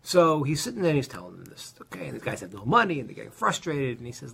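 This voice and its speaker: A middle-aged man teaching a casual Torah class, telling stories with many restarts and animated asides. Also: medium pitch, quick pace, creaky, hardly any pauses, breathy edge.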